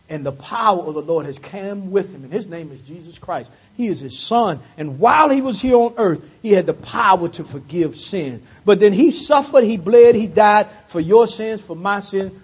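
Heard on dull audio, this man's high, slightly rough voice carries a Sunday morning sermon during a church service. He preaches call-and-response fashion, leaning on repeated phrases and building to fervent peaks.

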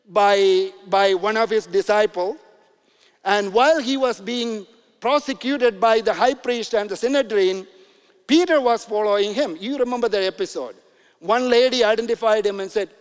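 A man's voice: high-pitched, smooth, in a large hall. A man preaching a sermon as pastor, in a loose, conversational storytelling manner with many fillers and asides.

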